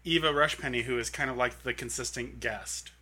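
A man acting as the quiet sidekick in a casual chat, with a dry way of speaking. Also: mid-range voice, brisk, breathy edge.

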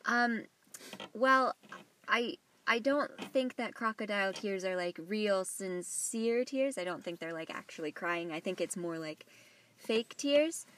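A woman's voice: mid-range voice, unhurried, fairly bright tone. A woman co-hosting a casual podcast from inside a car, hesitant and thinking aloud as she answers. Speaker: podcast co-host. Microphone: phone held in hand.

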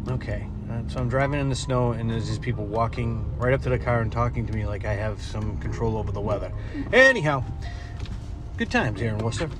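A man's voice: medium pitch, a little fast, music in the background. A man, a podcast host chatting wryly from his car while driving. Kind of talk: casual chat responding to a listener.

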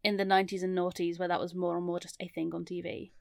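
A woman's voice: lowish voice, flat delivery, fast talker, gravelly, no echo. A woman in her thirties co-hosting a casual podcast, chipping in wry, dry comments. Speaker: podcast co-host. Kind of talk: casual chat.

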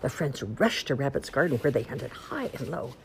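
A woman reads a children's storybook aloud, expressive and sing-song. Her voice is low, yet it rises and falls widely through every sentence, over a faint hiss. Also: normal speed.

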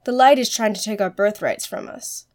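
A woman's voice: mid-range voice, moderate pace, close to an everyday voice. A woman voicing a haughty, proud young girl heiress with scornful, sulky retorts in a fan audiobook reading.

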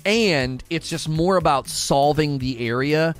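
A man's voice: fairly high pitch, measured pace, clear, resonant tone, soft background music. A man streaming a game, chatting casually with viewers, reading their messages aloud and often restarting his sentences. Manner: animated, restarts often, reads chat aloud. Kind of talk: casual live-stream chat while gaming.

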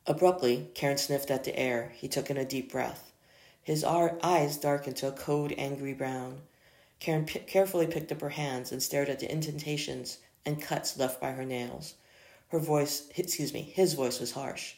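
Creaky story reader who keeps self-correcting. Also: mid-range voice, steady tone, moderate pace, a little mellow. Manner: stumbles and self-corrects often. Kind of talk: reading a romance story aloud. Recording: echoey room.

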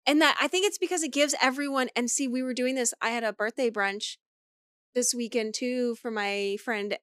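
A woman co-hosting a podcast, chatting casually, loud and swearing freely as she tells stories. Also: fairly high pitch, moderate pace, clean tone, no echo, studio quality. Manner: loud, swears a lot, animated storytelling. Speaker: podcast co-host. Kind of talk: casual chat.

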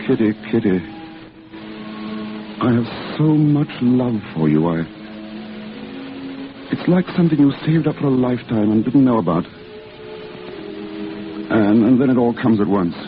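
Playful young man turned earnest lover in an old film, on a tinny soundtrack with score behind. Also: lowish voice. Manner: playful clowning, then halting, earnest confession. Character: young man home from service, joking and lovesick. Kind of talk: 1940s film acting.

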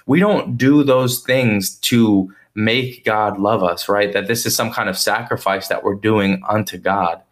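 Low-voiced man teaching scripture. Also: a little slow, few pauses. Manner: conversational, asks "right?" often. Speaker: podcast host teaching scripture. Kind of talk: informal bible teaching.

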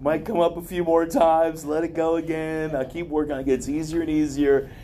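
Warm-voiced man giving a rambling motivational talk. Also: a little high, level tone, a little fast, a little hiss or hum. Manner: rambling, conversational, with many asides.

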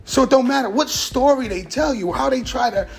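Gravelly, blunt middle-aged man. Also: very high voice, fairly quick. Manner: blunt, profane street talk. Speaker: vlogger giving life advice. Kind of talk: casual monologue.

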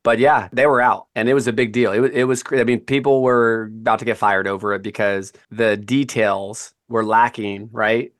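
A man hosting a podcast, telling stories in a casual, animated way and often checking in with "right?" and "man". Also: lowish voice, normal speed, few pauses. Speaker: podcast host.

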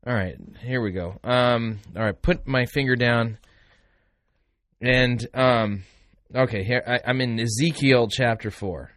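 A podcast host delivers critical commentary, addressing listeners sarcastically and mockingly with plenty of asides. His medium-pitched voice is a bit bright, recorded at studio quality with no room sound.

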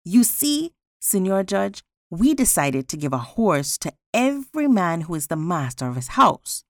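A woman voicing a confident, cheerful male villager, reading aloud slowly with a lively pitch. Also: dry recording, studio quality, exaggerated voice.

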